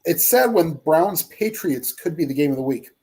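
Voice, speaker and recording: A man in a casual sports chat, giving his take in a lively way. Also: fairly high pitch, normal speed, husky.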